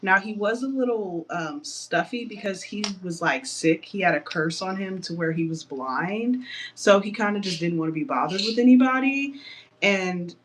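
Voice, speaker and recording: A young woman casually retelling a story on a livestream, chatty and animated, with playful outrage, painting her nails as she talks. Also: mid-range voice, moderate pace, slight background noise.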